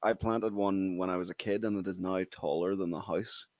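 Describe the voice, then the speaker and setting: Dry, low-voiced man telling a story. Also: steady tone, a little fast, darkish tone. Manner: dry, self-mocking storyteller. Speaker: podcast co-host. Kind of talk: casual podcast chat.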